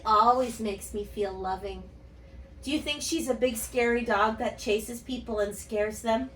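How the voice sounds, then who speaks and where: A woman speech teacher reading and talking gently to young children in an online lesson. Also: on the high side, a little hiss or hum. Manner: gentle, slow, sing-song storytelling to kids. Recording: echoey room, voice a bit far from mic.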